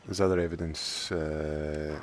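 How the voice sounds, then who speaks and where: A man's voice: extremely low pitch, little pitch movement, measured pace, slight background noise. A man streaming a game, thinking aloud and joking as he plays. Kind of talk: casual let's play commentary.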